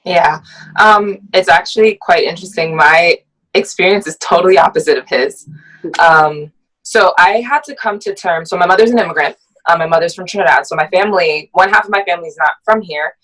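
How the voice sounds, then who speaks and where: Low-voiced woman, reflective. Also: fairly quick, a bit bright, low-quality recording. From United States. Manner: reflective, many hesitant ums. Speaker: podcast guest. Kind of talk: personal storytelling in a podcast conversation.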